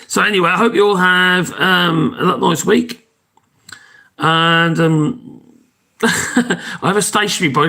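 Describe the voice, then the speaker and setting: Fairly high-pitched with vocal fry, his voice is bright and forceful. Hosting a relaxed live stream, the man chats in a rambling, self-interrupting way, thanks his viewers and signs off cheerily.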